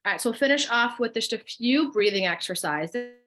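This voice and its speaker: Co-hosting a live wellness webinar from her computer mic, this New Jersey woman answers viewer comments and leads breathing exercises. Her voice is a little high and fairly bright, animated and fairly quick.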